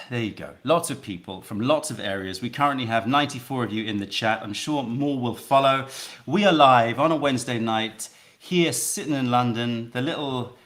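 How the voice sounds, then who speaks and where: A man hosting a casual live stream from his home, reading out viewer greetings quickly and chatting. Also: medium pitch, a bit bright. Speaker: livestream host. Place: home in London.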